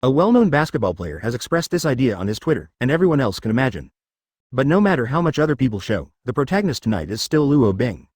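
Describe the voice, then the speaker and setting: A man narrating a story in scripted audiobook style. His pitch moves in a lively way while the reading stays matter-of-fact. The sound is dry and close to the mic. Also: quick pace, dry recording.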